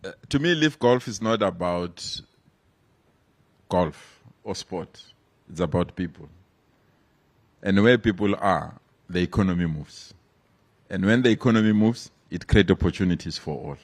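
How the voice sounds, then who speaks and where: South African man, provincial premier, lowish voice, punchy short lines, upbeat. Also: animated, unhurried, long pauses. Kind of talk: press conference remarks.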